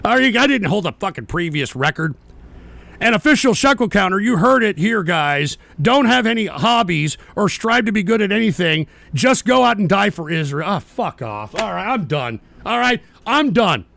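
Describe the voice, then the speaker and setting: High, gravelly, foul-mouthed ranting host. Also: male voice, big pitch swings, moderate pace, a bit bright, no room sound. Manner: profane, combative, ranting. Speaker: livestream radio host. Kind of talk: live-stream rant reading chat.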